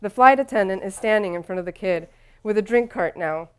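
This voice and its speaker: Narrating a first-person audiobook, a woman tells her story with wry self-deprecation. Her clear, smooth voice sits at an ordinary pitch, and her delivery stays steady and measured.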